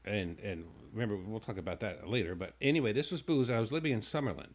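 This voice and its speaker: A man's voice: lowish voice, quick pace. A man hosting a radio talk show who tells a long personal story casually, with stumbling restarts, and acts out the people in it.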